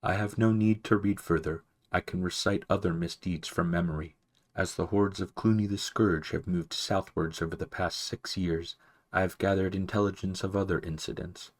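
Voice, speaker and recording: A man voicing an ancient, mumbling mouse. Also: low voice. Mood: stern. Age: older. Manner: soft, mumbling, fussy, barely above a whisper. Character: ancient male mouse archivist, wise, absent-minded.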